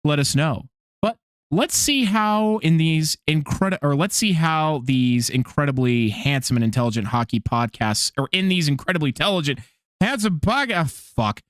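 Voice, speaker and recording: A man co-hosting a casual hockey podcast, goofy and animated, swearing and restarting sentences. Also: a little high, moderate pace, no room sound, clean studio sound. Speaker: podcast co-host.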